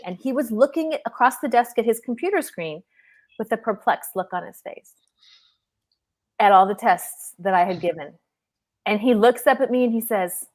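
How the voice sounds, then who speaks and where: A woman's voice: on the high side, expressive, moderate pace, darkish tone. A middle-aged woman telling a personal story as a guest on a live stream, speaking earnestly and vividly over a video call. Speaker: guest panelist.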